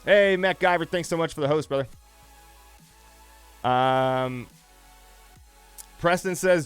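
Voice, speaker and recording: A man giving energetic live play-by-play of a simulated drone race and chatting with viewers. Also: on the high side, slow pace, long pauses, clear, resonant tone, soft background music. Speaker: esports race commentator.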